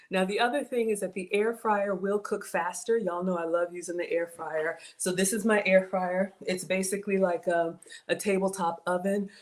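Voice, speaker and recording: Here a Southern American woman speaks in a lowish, somewhat mellow voice over a faint hiss or hum. Hosting a relaxed cooking livestream, she chats with her viewers, thanks them repeatedly, and often drifts off mid-sentence before starting over.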